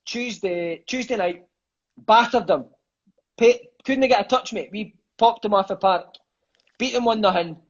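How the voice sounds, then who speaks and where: A Scottish man with a high, bright voice spins animated football tales, swearing freely and saying mate every few words. The sound is muffled and lo-fi. Relaxed, chatty interview feel. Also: unhurried. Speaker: interview guest, former footballer. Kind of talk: casual storytelling chat. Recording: dull lo-fi sound.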